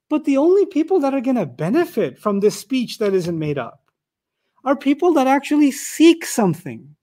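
A man with a high-pitched voice teaches a lesson on scripture. He talks in an animated way, throws rhetorical questions at his audience and rattles off Arabic verses quickly between explanations. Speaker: Quran teacher. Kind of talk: lecture on scripture.

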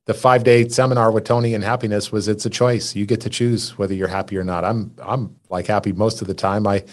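A man's voice: fairly low pitch, fairly even intonation, quick pace. A man hosting a recovery podcast, plain-spoken and encouraging, who swears now and then. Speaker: podcast host. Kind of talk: casual conversation.

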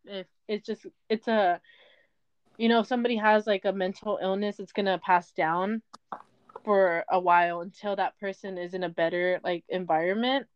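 A woman's voice: mid-range voice, steady tone, normal speed, clean tone, dry recording. Young woman in her twenties, confessional podcast host, rambling and candid, on a dull dry recording. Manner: rambling, candid, lots of fillers and apologies. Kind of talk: casual personal monologue.

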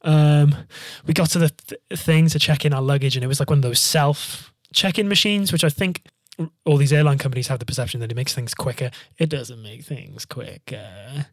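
A man's voice: on the high side, a little fast, no echo, studio quality. A man telling long, jokey travel stories in casual chat, swearing freely and rambling.

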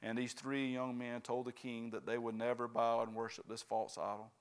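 A man's voice: mid-range voice, flat delivery, moderate pace, smooth. A man preaching a sermon, constantly checking in with his congregation by asking "right?" and "amen?".

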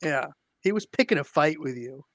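A co-host with a lively voice that swoops up and down, recorded close and dry with no room sound. Talks in a sarcastic, ranting way and swears casually. Rants keep getting louder and higher. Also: normal speed, dry recording. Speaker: podcast co-host. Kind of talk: casual podcast banter.

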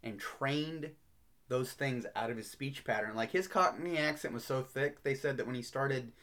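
A man's voice: medium pitch, moderate pace, fairly bright tone. A man co-hosting a podcast, casually sharing behind-the-scenes film history in a knowledgeable, storytelling way. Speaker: podcast co-host.

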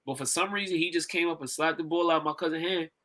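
A man co-hosting a podcast in casual chat, an animated storyteller who laughs often. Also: fairly high pitch, quick pace. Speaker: podcast co-host.

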